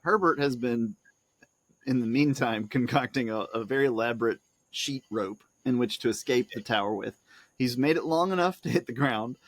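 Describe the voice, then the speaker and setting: A man co-hosting a podcast, casually retelling a film with lots of laughter, jumping into high squeaky voices for the characters. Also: normal speed, no room sound. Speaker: podcast co-host.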